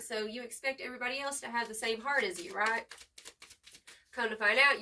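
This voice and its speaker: Bright, hyped-up woman reading tarot. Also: on the high side, distant mic, a little hiss or hum. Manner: expressive, slangy, swears freely, hypes the viewer up. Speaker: tarot reader. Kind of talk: casual tarot reading to camera.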